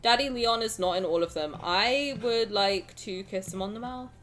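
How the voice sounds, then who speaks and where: A young woman streamer chatting casually with her viewers, playful and rambling, with sudden loud bursts. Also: mid-range voice, moderate pace. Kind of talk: casual chat with live chat.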